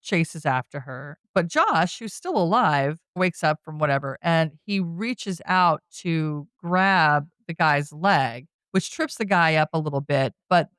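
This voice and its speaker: In a clean, slightly bright recording with no room sound, a woman with a low-pitched, expressive voice recaps a horror film scene after scene for her podcast. She speaks a little slowly with few pauses, chatting casually and leaning on "you know" and "like."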